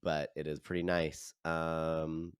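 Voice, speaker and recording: Very low, dry-miked male co-host; teasing banter, slow um-filled plugs. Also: flat delivery, smooth, no echo. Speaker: podcast co-host. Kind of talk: casual chat.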